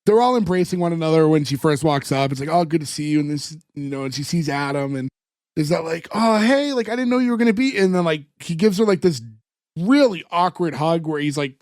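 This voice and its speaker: Guy with a high voice retelling a tv episode, lots of "like", dry close mic. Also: normal speed, no echo. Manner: animated retelling, acts out characters' lines, fillers like "like". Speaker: podcast co-host recapping an episode. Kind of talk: casual chat.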